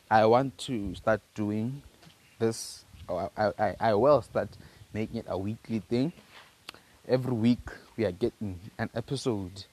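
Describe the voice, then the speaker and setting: A man's voice: lowish voice, darkish tone. A teenage man from Africa, telling a loose, slangy story on his own podcast, full of restarts and repeated words. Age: teens. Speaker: podcast host.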